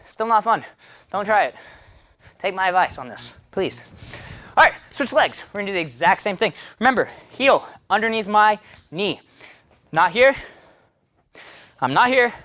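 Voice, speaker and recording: A man's voice: high voice, lively intonation, moderate pace, long pauses, bright, forceful tone. A man teaching a follow-along taekwondo class, counting kicks aloud and coaching between sets in a chatty, self-deprecating way while breathing hard from the workout. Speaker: taekwondo instructor.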